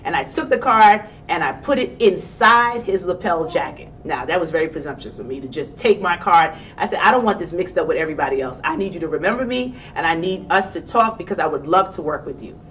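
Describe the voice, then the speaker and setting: A woman with a New York accent, giving a motivational talk and acting out her own excited reactions as she tells a personal story. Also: a little fast, hardly any pauses. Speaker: motivational speaker. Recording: distant, dull sound with faint rumble.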